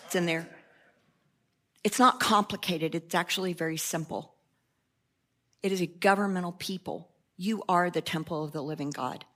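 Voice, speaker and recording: A woman's voice: fairly low pitch, moderate pace, pauses often, a bit bright. A woman preaching a sermon with passion, mixing joking asides with fervent repeated cries.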